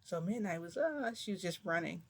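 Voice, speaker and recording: A woman vlogger with a lowish, slightly breathy voice, lively intonation, and moderate pace tells a story to camera. Close to tears, she retells it casually and emotionally, rambling with lots of "like."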